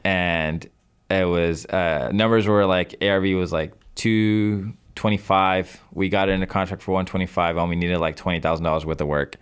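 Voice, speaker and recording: A deep-voiced man in his twenties tells a story as a podcast guest. He talks casually and replays his old phone calls in lively bursts. His voice sits low throughout. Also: moderate pace, smooth. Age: 20s. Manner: animated storyteller, acts out his own past phone calls. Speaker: podcast guest, real estate investor.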